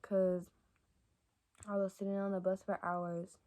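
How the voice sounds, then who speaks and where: A young woman talks straight to her viewers in a loose storytime ramble. Her voice sits at an ordinary middle pitch, and she keeps reaching for "like" and "y'all." Now and then she drops into soft, half-whispered asides. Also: flat delivery, unhurried. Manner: chatty and rambling, many fillers like "like" and "y'all". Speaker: vlogger. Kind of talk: casual storytime chat to camera.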